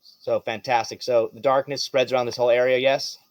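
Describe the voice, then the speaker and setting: A man narrating as game master of a tabletop role-playing game, lively and quick to laugh. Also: medium pitch, dry recording. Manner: lively, laughs often, jumps into quick character shouts.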